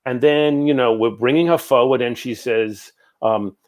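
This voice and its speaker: A man's voice: mid-range voice, normal speed. A man, telling long rambling stories as an interview guest. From New York. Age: 60s. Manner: rambling, animated anecdotes with many asides. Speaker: guest, psychic medium. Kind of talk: casual storytelling in an interview.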